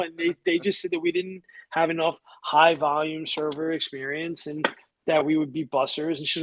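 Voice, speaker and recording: A man's voice: on the high side, fast talker. A middle-aged man from New York, guest in a conversation, telling stories casually with profanity and acted-out voices. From New York, USA. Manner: animated, profane, acts out quoted voices.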